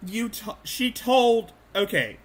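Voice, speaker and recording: A man's voice: high-pitched, sing-song, slow pace. A man hosting a commentary stream, talking in a sarcastic, mocking way with stumbling restarts. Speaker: streamer host.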